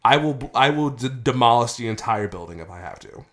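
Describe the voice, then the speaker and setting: A man in a medium pitch holds forth on a casual podcast, venting his grievances with heated profanity. He tells his stories animatedly. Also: a little fast. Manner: animated storytelling. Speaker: podcast host.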